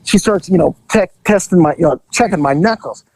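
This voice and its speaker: Gravelly guy, swings his voice all over, cussing through cop stories, dry close sound. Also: high-pitched, fairly quick, dry recording. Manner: profane, animated, acts out quotes. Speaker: podcast co-host, former police officer. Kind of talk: casual comedic storytelling.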